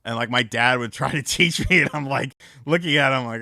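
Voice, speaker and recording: A livestream host with a medium-pitched, brisk voice, vocal fry, and a pushed, bright sound chats with viewers on a close mic with no room sound. He tells rambling, profane stories full of fillers in casual stream chat and storytelling.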